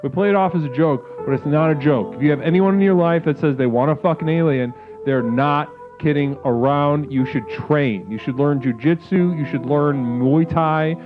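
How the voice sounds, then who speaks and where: A man's voice: on the high side, moderate pace, hardly any pauses. A man hosting a call-in show in a grandiose, mock-spiritual manner, swearing freely. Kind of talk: mock-guru call-in talk. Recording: phone-like lo-fi sound with music. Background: music.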